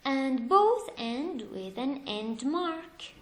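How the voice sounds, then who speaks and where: A woman's voice: sits high, drawn-out words. A woman teaching English grammar, asking her class questions and answering them herself as she explains each example. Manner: lively, stresses examples with rising emphasis. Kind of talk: slow, deliberate classroom explanation. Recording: echoey room.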